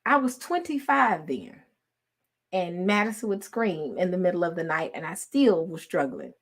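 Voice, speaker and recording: A woman, telling a story in casual chat with her followers, laughing often and swinging from loud to hushed. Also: fairly low pitch, animated, normal speed. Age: 40s. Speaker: online host talking to followers.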